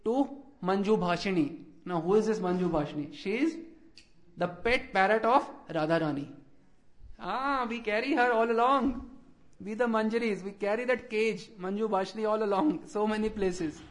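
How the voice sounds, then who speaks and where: A man giving a devotional storytelling talk, animated and acting out birds and characters in quoted voices. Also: high voice, moderate pace. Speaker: religious speaker.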